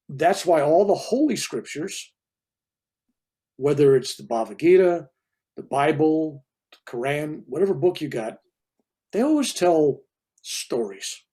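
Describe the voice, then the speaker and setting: An older man in his seventies, a reverend, telling a personal story in a loose, animated way and acting out the people in it. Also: a little high, breathy edge. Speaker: reverend and guest speaker. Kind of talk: casual storytelling interview.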